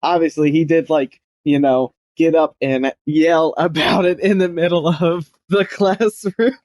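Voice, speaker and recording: A man's voice: a little high, steady tone, a little slow, a little mellow, no room sound. A man playing a tabletop role-playing game, laid-back and amused. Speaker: player.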